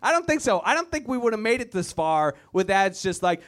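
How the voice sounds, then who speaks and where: A man's voice: high-pitched, very animated, fairly quick, few pauses, fairly bright tone. A man from Virginia doing a stand-up comedy set on a club stage, sarcastic and mocking. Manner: sarcastic, mocking, shifts into silly voices.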